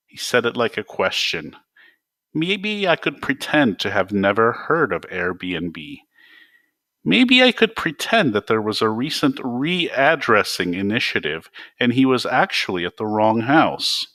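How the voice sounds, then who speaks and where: A man's voice: on the low side, very animated, a little slow, pushed and bright, no echo. A man reading his own novel aloud in a dry, wry first-person voice.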